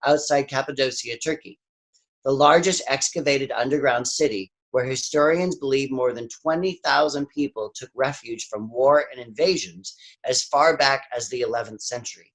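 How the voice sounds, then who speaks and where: A man reading and praying at a spiritual service in a calm, reflective, unhurried way. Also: mid-range voice. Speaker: service reader.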